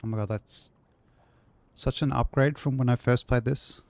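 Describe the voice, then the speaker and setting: A man's voice: medium pitch, steady tone, normal speed, vocal fry, slight background noise. Chatty male streamer talking to chat. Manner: chatty, rambling, talks to chat while playing. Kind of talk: casual live-stream gameplay chat.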